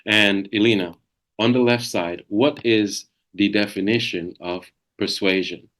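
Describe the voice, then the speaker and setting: A man's voice: lowish voice, a little slow, fairly bright tone. A middle-aged man leading a sales coaching webinar over a video call, talking emphatically and repeating key phrases.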